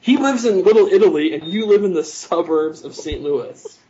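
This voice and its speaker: A man trades teasing, jokey banter as a podcast co-host, his voice sitting a little high. The audio is muffled and lo-fi, with a faint hiss underneath. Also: lively intonation, moderate pace, mellow. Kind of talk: casual chat.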